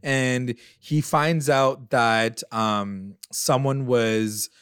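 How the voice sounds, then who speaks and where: A man's voice: mid-range voice, steady tone, drawn-out words, fairly bright tone, smooth, dry recording, studio quality. A man co-hosting a podcast, recapping a TV episode in casual chat, rambling with lots of fillers and swearing. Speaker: podcast co-host.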